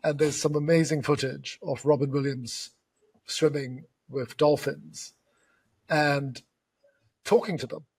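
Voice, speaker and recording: Husky, slightly high-voiced man interviewing. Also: steady tone, slow pace. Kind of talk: reflective conversation.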